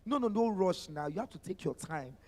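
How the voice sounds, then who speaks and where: A man's voice: high-pitched, animated, a little fast, warm tone, big-room sound. A man with a Nigerian accent hosting a live expo panel, teasing guests and hyping them up in a playful sing-song way. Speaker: event host. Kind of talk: lively live event emceeing. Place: expo stage with music behind.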